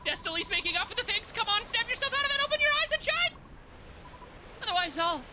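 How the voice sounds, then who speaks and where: A man voicing an excitable, cheeky young female fairy sidekick in a video game, exclaiming indignantly. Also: very high-pitched, moderate pace, noisy background, pitched above the performer's own voice, heavily acted. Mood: outraged.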